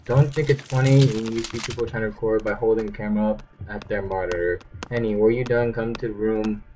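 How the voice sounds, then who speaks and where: A man's voice: lowish voice, fairly even intonation, a little fast, noisy background. A young man hosting his gaming channel, chatting goofily over his gameplay and breaking into squealing yelps. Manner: goofy, jumps to sudden squealing yelps. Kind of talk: casual gameplay commentary. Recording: loud game gunfire behind. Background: shooter game gunfire and clicks.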